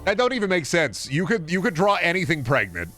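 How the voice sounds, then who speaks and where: A man's voice: a little high, big pitch swings, fairly quick, bright, forceful tone, faint music behind. A man streaming a game, chatting casually in a rambling, profane, jokey way.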